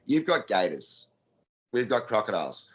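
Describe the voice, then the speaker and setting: Deadpan Australian man, crude jokes. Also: on the low side, moderate pace, breathy edge, highs cut off. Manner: deadpan, crude, joking with a straight face. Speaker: podcast guest. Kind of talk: casual chat.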